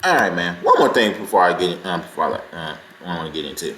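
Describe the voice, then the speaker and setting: A man hosting a sports reaction vlog, talking in an excitable, indignant and rambling way. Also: low-pitched, fast, hardly any pauses, echoey room. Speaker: sports channel host.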